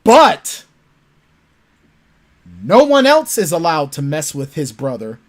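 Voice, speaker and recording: Male author guest, animated storyteller in casual interview chat. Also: fairly high pitch, takes it slowly. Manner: animated storytelling, acts out his characters.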